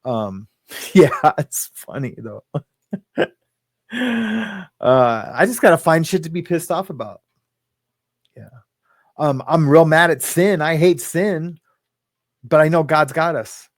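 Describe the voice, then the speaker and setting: A man's voice: fairly high pitch, expressive, slow, pauses often, no echo, clean studio sound. A man hosting a casual live stream, rambling, laughing often and greeting viewers in the chat by name. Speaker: livestream host.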